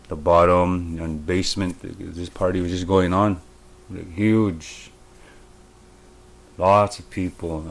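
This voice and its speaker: A man from Manitoba, Canada, gives a personal testimony about a vision. His voice sits very low. He tells it earnestly and haltingly, circling back over his words. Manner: earnest, halting, repeats himself as he recounts. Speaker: storyteller sharing a vision.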